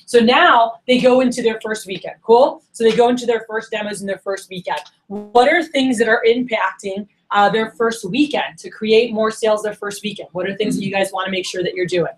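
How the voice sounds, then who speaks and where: Casting: brisk woman sales trainer, rapid-fire delivery, upbeat coaching, plays out quick calls with reps. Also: mid-range voice, rough recording. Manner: energetic, coaching, acts out phone calls. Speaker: sales manager coaching new managers. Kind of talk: training workshop talk.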